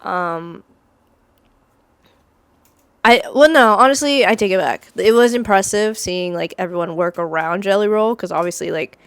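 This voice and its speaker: A woman's voice: mid-range voice, no echo. A woman co-hosting a casual chat, talking bluntly with many halts and fillers. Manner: blunt, halting, full of fillers. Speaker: podcast co-host.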